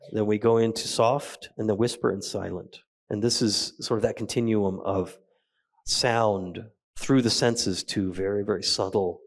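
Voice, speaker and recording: A man with a fairly low voice leads a meditation practice at a retreat. He talks slowly and gently, leaving soft pauses between phrases. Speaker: meditation teacher. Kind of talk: guided meditation talk. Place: retreat hall.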